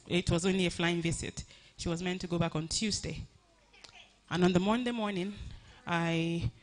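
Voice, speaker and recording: At a funeral service, a woman with a fairly low pitch gives a personal tribute. She tells her story earnestly, restarting and halting many times.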